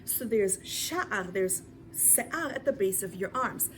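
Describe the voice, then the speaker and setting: Animated, dramatic woman lecturer. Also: mid-range voice, takes it slowly, slight background noise. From New York. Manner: dramatic, swings from loud to whispered; repeats words for emphasis. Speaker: Torah lecturer. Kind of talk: lecture to a women's class.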